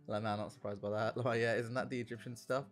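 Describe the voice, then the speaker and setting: A man chatting on a gaming stream, telling rambling stories in an animated way and swearing a lot. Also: medium pitch, brisk, soft background music. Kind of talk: casual gaming stream chat.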